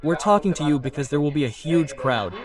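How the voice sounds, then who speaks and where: A man's voice: a little high, lively intonation, fairly quick, over loud music. A man being interviewed about politics in a heated exchange. He argues back hard and challenges the questions. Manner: combative, argumentative. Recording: distant mic with crowd noise. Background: crowd.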